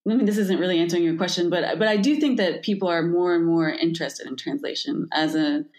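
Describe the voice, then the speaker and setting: A woman translator gives an interview answer, thinking aloud and correcting herself as she goes. Her voice sits a little low. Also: fast talker, darkish tone. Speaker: translator guest.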